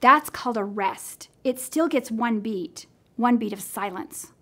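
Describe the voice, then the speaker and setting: A woman's voice: a little high, a little slow, sharp tone. A woman music teacher demonstrating simple rhythm lessons for classroom teachers, counting in and singing along patiently.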